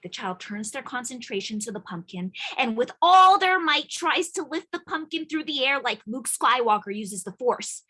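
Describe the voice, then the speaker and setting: Expressive woman reading stage directions. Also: sits high, breathy edge, low-quality recording. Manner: expressive, playful. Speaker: narrator and actor in a play reading.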